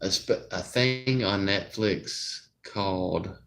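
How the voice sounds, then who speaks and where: A man's voice: sits low, slow, a bit bright. A young man hosting a casual chat, rambling and hesitant, often trailing off mid-thought. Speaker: streamer host.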